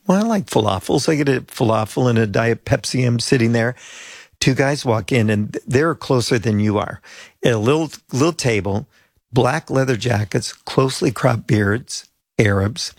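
A man's voice: medium pitch, creaky, dry recording, studio quality. A pastor in his sixties from the United States, telling rambling anecdotes with asides as an interview guest.

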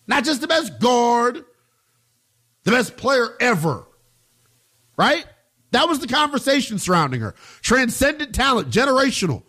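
Middle-aged male sports talk host, emphatic and slangy, high and animated delivery. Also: a little slow, pauses often.

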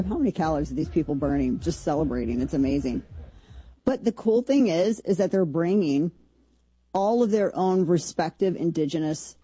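A woman's voice: fairly low pitch, warm tone, husky. A woman hosting a show, giving casual commentary full of rambling, sarcastic asides. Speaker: show host.

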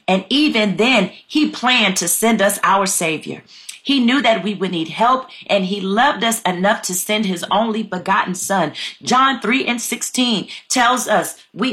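A woman's voice: mid-range voice, bright, forceful tone. A woman preaching a fervent sermon, reading scripture aloud and calling her listeners family. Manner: fervent, exclaims "my God", addresses listeners as family.

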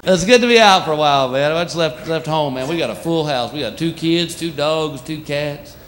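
A man doing a stand-up set, animated, acting out his pets in silly voices. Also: fairly high pitch, normal speed. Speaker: stand-up comedian. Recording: live club, loud crowd, background noise.

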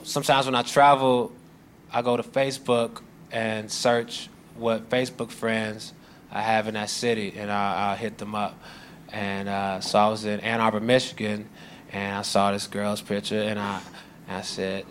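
A man performing a deadpan stand-up comedy set with a dry delivery. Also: fairly low pitch, normal speed. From United States. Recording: live club recording with crowd noise.

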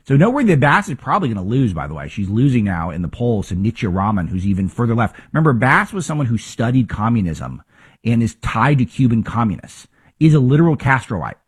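A man's voice: medium pitch, very animated, quick pace, husky. A man hosting a political talk show, delivering opinionated commentary with emphatic rhetorical questions and frequent restarts.

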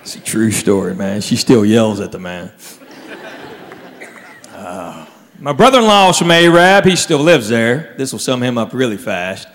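A stand-up comedian tells stories with punchlines and imitates his relatives on a comedy club stage before an audience. His medium-pitched voice is sing-song and a bit bright, at a measured pace. The live recording is reverberant, with a faint crowd and a little hiss or hum.

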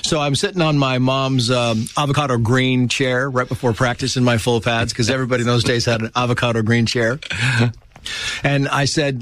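A man with a mid-range voice, speaking at normal speed, tells personal stories in casual conversation. He's an animated storyteller who acts out quoted voices with lively flair.

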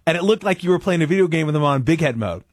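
A male reporter on a sports talk radio show who talks quickly with a husky voice. The recording is dry and close. He tells stories in an amused way. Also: on the high side, expressive, no echo.

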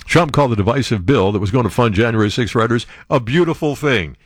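A man hosting a show, reading news stories aloud and breaking off into sarcastic, animated commentary. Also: brisk, hardly any pauses, breathy edge, dry recording, studio quality. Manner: animated, sarcastic asides, jumps to high exclamations. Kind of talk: casual political commentary.

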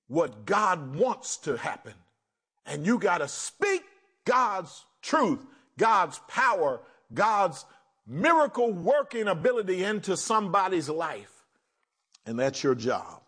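A man preaching a sermon as pastor, animated, swinging between loud emphasis and quiet asides. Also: high voice, breathy edge.

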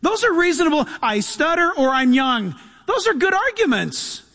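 A man preaching a sermon in a lively, animated way, acting out quotes and laughing often. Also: very high voice, moderate pace. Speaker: pastor. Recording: long hall reverb.

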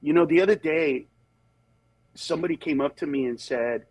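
A man's voice: a little high, normal speed, long pauses, dry recording, rough recording. A man, a comedian, telling stories in casual conversation and acting out other people's voices as he goes. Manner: animated storyteller, acts out voices. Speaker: comedian guest.

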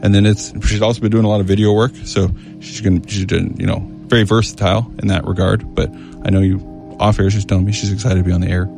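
Radio host, male, deep gravelly voice, flat monotone with a lisp, faint music under him. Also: fast talker, few pauses. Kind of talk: casual radio chat. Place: radio studio.

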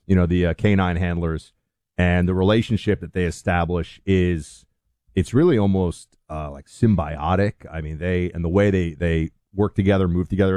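A man co-hosting a talk radio show, chatting casually and rambling with many halting restarts. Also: lowish voice, a little mellow, no echo, clean studio sound.

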